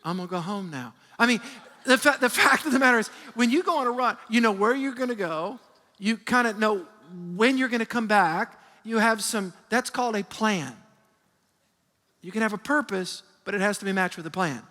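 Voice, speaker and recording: A man in his fifties, a pastor preaching a sermon with call-and-response and animated storytelling. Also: sits high, moderate pace. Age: 50s. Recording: long reverb of a large hall.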